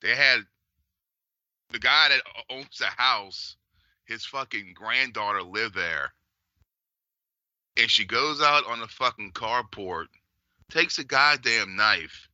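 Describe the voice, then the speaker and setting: A man's voice: medium pitch, lively intonation, slow pace, pauses often, bright, forceful tone, no echo. A man chatting casually on a podcast, blunt and heavily profane, with slangy reactions. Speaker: podcast co-host. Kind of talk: casual chat. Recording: dull, slightly lo-fi dry studio sound.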